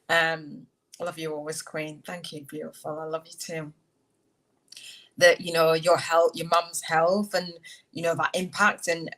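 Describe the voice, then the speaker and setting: A woman's voice: fairly low pitch, poor audio. A woman hosting a casual livestream, talking affectionately to her viewers and reading an oracle card aloud. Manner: warm, affectionate, emotional, calls viewers darling and beautiful. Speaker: podcast host on a livestream.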